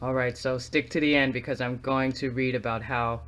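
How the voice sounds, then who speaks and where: A man's voice: mid-range voice, steady tone, moderate pace, fairly bright tone, a little hiss or hum. A man in his living room, giving rambling, earnest commentary between readings of scripture as the host of his own channel. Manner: earnest, rambling, repeats words while explaining. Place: living room with wooden walls.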